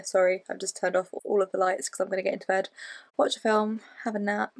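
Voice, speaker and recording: A young woman talks through her day in a loose, blunt vlog style and swears offhandedly. Her pitch sits in an ordinary middle range. The sound is dry and close, with no room echo. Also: a little mellow. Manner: chatty, blunt, swears casually. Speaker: vlogger. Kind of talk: casual daily vlog chat.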